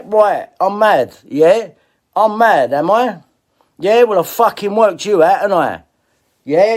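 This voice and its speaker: A middle-aged man ranting at people in a confrontational, swearing monologue, repeating himself. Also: high-pitched. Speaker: video blogger.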